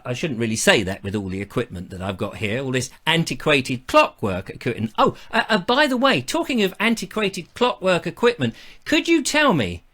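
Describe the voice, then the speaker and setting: A man's voice: on the high side, a bit bright. A man hosting a live show in a chatty, jokey, self-mocking way. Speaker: host.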